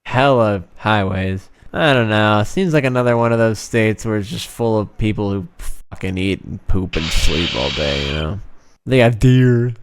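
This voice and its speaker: A man's voice: on the low side, normal speed, hardly any pauses, a little hiss or hum. A young man in casual chat, rambling with crude slang. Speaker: podcast co-host.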